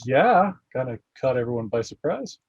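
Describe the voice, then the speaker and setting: A man in jokey, teasing banter on a gaming podcast, his pitch swinging up and down. His voice is a little husky. The sound is muffled and dry. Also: big pitch swings, normal speed, dry recording. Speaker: podcast co-host. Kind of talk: casual gaming podcast chat. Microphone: headphones and a studio mic at home. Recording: dull, dry podcast audio.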